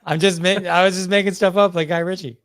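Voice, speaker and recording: A man's voice: high-pitched, fairly even intonation, quick pace, fairly bright tone, clear, resonant tone. A man hosting a podcast, bantering loosely and greeting live viewers. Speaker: podcast host. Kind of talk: casual podcast chat.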